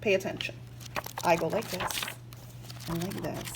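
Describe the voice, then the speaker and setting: A woman's voice: on the low side, fairly even intonation, measured pace, background noise. Gushing woman spiritual vlogger. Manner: gushing, emotional, full of fillers. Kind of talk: casual spiritual vlog with reading aloud.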